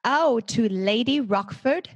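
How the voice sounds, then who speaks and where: Brief: excitable woman player, high and very lively, a little breathy, dry sound. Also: takes it slowly, no room sound. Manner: bubbly, excitable. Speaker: podcast player. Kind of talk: casual chat.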